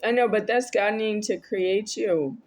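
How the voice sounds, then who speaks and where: Woman talking to her camera, rambling and arguing with someone who isn't there, mid-pitched voice. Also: moderate pace, a little mellow. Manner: rambling, argumentative, addresses an unseen listener. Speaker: vlogger. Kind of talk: monologue to camera.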